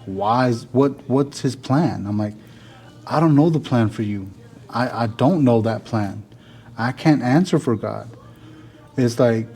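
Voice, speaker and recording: A man, telling a rambling story to his vlog audience in a casual way, full of "like" and "you know". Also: medium pitch. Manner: rambling, filler-heavy, animated when retelling. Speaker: vlogger.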